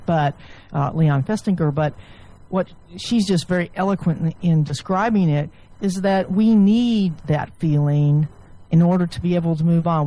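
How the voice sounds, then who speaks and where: A woman physician and author, a guest, explaining ideas at length in a relaxed interview, often restarting her sentences. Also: low-pitched, rough recording. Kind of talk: casual interview chat.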